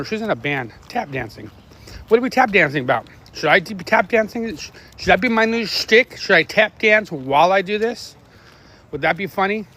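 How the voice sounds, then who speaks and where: A middle-aged man chatting casually while walking his dogs outdoors, rambling, swearing freely and barking quick commands at the dogs. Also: fairly high pitch, a bit bright, a little hiss or hum. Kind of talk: casual live-stream chat. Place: outdoors on a neighborhood walk.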